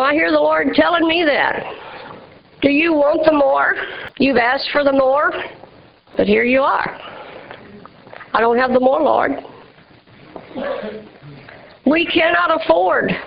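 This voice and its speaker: A woman's voice: sits high, measured pace, vocal fry, long pauses. A woman preaching a sermon in an emphatic, rhythmic style, speaking to a responding congregation. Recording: dull lo-fi church recording.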